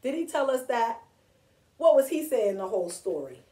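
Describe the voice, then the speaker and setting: A woman's voice: on the high side, moderate pace. A woman reading a picture book aloud to children, asking them questions and coaxing them along. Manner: animated, questions to young listeners. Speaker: storytime reader. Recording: echoey room, distant mic.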